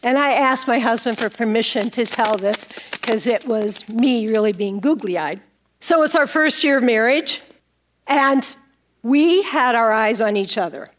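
A middle-aged woman pastor preaches a playful, storytelling sermon. Her voice sits a little high, and she jokes and laughs at her own props as she goes. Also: unhurried. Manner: playful, animated, laughs at herself.

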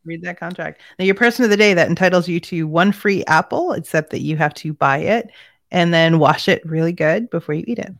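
A woman's voice: on the low side, brisk, no room sound, studio quality. A woman co-hosting a podcast with wry, playful banter. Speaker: podcast co-host. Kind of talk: casual podcast chat.

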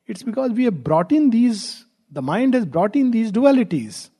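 A male spiritual teacher speaks in a rather high, mellow voice with a breathy, husky edge. He muses aloud, asks rhetorical questions and slips in gentle humor as he unfolds his teaching. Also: big pitch swings, moderate pace. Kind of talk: spiritual discourse.

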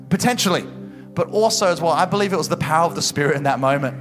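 A young man preaching a passionate sermon at a church service, building to loud exhortation. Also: on the high side, expressive, brisk, over music. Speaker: pastor.

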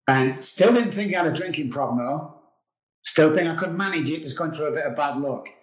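Speaking fairly quickly in a fairly high-pitched voice, a male guest who is an addiction recovery expert shares his own recovery story. He is earnest and confessional, repeats phrases for emphasis, and the room echoes noticeably.

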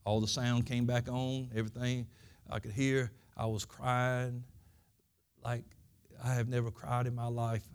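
A man's voice: mid-range voice, level tone, a little slow, clear, resonant tone. A man preaching a Sunday school lesson, telling his own testimony in folksy, earnest, plain country speech. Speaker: pastor.

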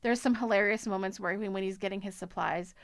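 A woman's voice: medium pitch, fairly even intonation, fast talker, dry recording, studio quality. A woman co-hosting a film club podcast, talking casually about a movie in a rambling way full of likes and restarts.

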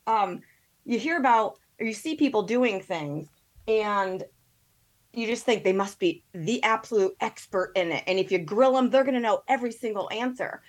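A woman, a podcast guest, chatting casually and telling a story with quick asides and quoted thoughts. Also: mid-range voice, expressive. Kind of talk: casual chat.

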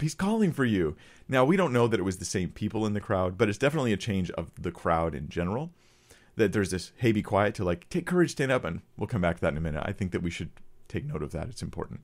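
A man preaching a conversational sermon, casually acting out the voices of the crowd. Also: low voice. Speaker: pastor.

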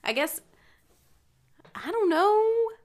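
A woman co-hosting a casual podcast chat, chatty, with quick asides and frequent laughs. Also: very high-pitched, animated. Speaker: podcast co-host.

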